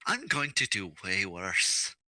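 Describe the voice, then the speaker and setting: A man's voice: low voice, wildly swooping pitch, slow, over a noisy crowd, heavily acted. A man voicing a stern wife who scolds her husband with sarcastic menace. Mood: scolding.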